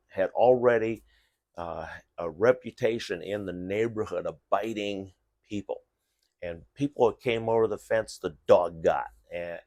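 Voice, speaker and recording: A middle-aged man with a notably deep, low voice tells a story in a loose, casual way. He restarts often and fills his pauses with "uh," sounding unscripted and conversational. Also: no room sound. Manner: rambling, many restarts and fillers. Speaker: vlogger giving dog safety tips.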